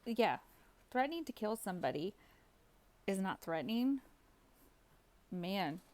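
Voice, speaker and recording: A woman's voice: medium pitch, big pitch swings, unhurried, a little mellow. A woman teacher casually recounting an online chat, reading out the messages. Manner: reads out chat messages, often laughing. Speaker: teacher telling a story. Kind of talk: casual storytime vlog.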